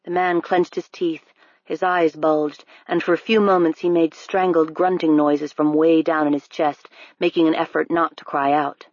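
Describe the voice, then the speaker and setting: An audiobook narrator reading a novel in a steady, unhurried storytelling manner. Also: medium pitch, no echo. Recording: dry, dull lo-fi recording.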